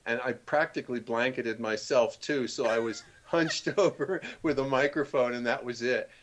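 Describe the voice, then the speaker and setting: Older man, author guest, mid-pitched, anecdotal storyteller who laughs easily. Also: normal speed, a little hiss or hum. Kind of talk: casual interview chat.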